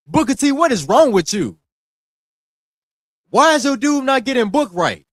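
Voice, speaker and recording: A man's voice: very high-pitched, very animated, measured pace, no echo, clean studio sound. Heated slangy male wrestling podcaster. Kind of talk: casual ranting commentary.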